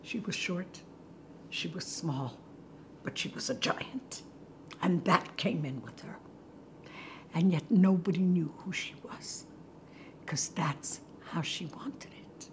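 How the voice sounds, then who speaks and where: An older woman hosting from her kitchen, telling a story with animation and hushed near-whispers. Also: fairly low pitch, takes it slowly, pauses often. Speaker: host. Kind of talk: storytelling talk to viewers. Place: home kitchen.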